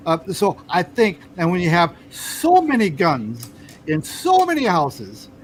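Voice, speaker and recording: A man's voice: high-pitched, huge pitch swings, unhurried, rough recording. An American man hosting a casual political chat, hesitant and full of restarts as he pushes back on his guest. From United States. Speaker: host.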